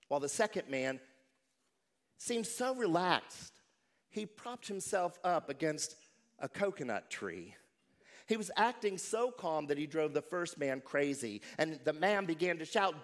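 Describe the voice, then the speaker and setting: A man's voice: a little high, big pitch swings, measured pace. Man preaching a sermon. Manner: storytelling preacher, acts out quoted voices. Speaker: pastor.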